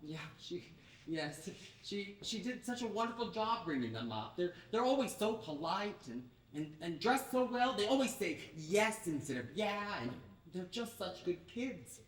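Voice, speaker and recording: A woman's voice: medium pitch, big pitch swings, moderate pace, natural voice. A woman playing a weepy, fussy divorced man. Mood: mopey. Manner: anxious, stammering, sentimental. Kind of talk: community stage play. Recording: very echoey theatre from far off.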